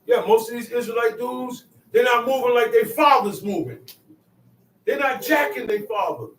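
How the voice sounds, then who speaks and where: A man teaching scripture in casual street talk, emphatic and repetitive, moving from quiet asides to loud outbursts. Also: very high voice, moderate pace. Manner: emphatic, repeats phrases, swings from soft asides to loud outbursts. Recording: echoey room, mic set far off.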